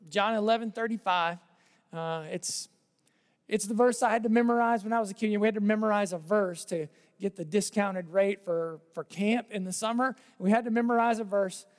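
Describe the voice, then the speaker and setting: A man preaching a sermon in a conversational way, repeating phrases and letting his voice drop softly at the ends of lines. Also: sits high, in a large hall. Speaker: pastor.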